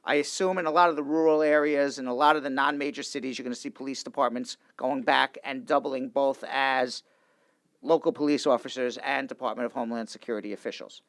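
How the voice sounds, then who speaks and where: A man, an immigration lawyer hosting a casual legal talk show, speaks in an animated way and often restarts and repeats his sentences in a studio. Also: mid-range voice, quick pace, no room sound.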